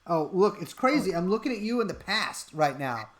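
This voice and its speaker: A man's voice: high-pitched, big pitch swings, normal speed, a bit bright. A man co-hosting a live-stream chat, rambling through an absurd bit of mock-serious advice. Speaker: podcast co-host.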